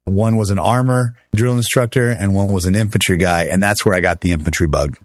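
A man's voice: low voice, fairly quick, no room sound, clean studio sound. A man in his fifties, a former army officer as guest, telling stories casually and acting out quoted voices with big swings in his voice. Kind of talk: casual storytelling in a conversation.

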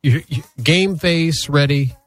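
A man hosting a casual legal news chat, talking in an animated, sympathetic way with frequent restarts. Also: a little high, takes it slowly, dry recording, soft background music. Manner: animated, sympathetic, self-interrupting. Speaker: show host.

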